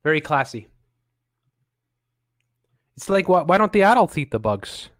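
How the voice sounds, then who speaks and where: A man's voice: a little high, sing-song, measured pace, fairly bright tone. A man hosting a show, giving sarcastic, mocking commentary on videos he plays and laughing often. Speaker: host. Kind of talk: casual commentary reacting to videos.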